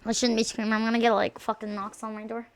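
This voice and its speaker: A young adult woman streaming and chatting casually, loud, crude and joking, swearing often. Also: on the high side, level tone, fast talker.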